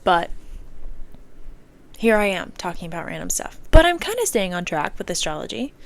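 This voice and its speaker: A woman's voice: fairly low pitch, big pitch swings, moderate pace, vocal fry. A young woman hosting a casual solo talk, rambling and emphatic, with frequent "like" and blunt swearing, recorded on her phone indoors. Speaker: podcast host. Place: indoors under an air vent.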